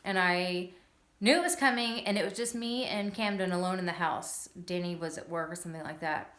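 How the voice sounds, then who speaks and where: Sitting in her living room, a vlogger in her thirties tells the story of her epilepsy journey to a phone or camera on a stand, upbeat, chatty, and laughing a lot. She speaks fairly quickly, with a voice on the low side and a fairly bright tone, amid roomy home echo.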